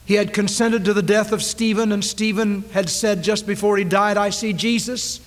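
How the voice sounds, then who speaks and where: Guy preaching a sermon, kinda high voice, big echoey church sound, goes loud then real quiet. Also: flat delivery, normal speed. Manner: dramatic preaching, repeating key phrases, swinging between loud and hushed. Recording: 1990s church recording with long reverb.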